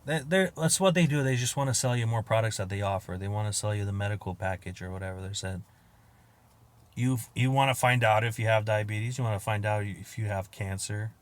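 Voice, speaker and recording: A man hosting a podcast, riffing in a crude, profane monologue, laughing at his own jokes and acting out quotes with loud outbursts. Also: fairly low pitch, a little fast. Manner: acts out quoted exchanges with sudden loud outbursts. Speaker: podcast host. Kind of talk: casual comedic monologue.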